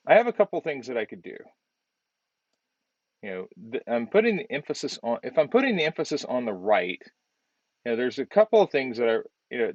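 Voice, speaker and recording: A male design instructor giving relaxed feedback on a student's project while demonstrating on screen, often repeating words as he works. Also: mid-range voice, no echo, lo-fi sound.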